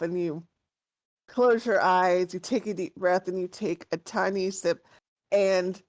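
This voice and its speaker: A woman's voice: medium pitch, no echo. A woman narrating a tabletop game as game master, describing scenes in a rambling way full of fillers.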